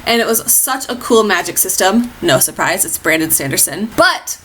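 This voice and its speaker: A chatty woman talking about her recent reads at a middle pitch, eager and gushing. A faint ambient hiss sits under her voice. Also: animated, normal speed, fairly bright tone. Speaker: book reviewer. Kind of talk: casual book review chat.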